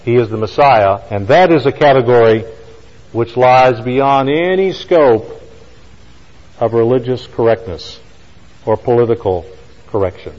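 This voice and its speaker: A man preaching a sermon, telling a story with emphatic lines and slow, quiet stresses. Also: medium pitch, animated, long reverb tail, lo-fi sound. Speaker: pastor.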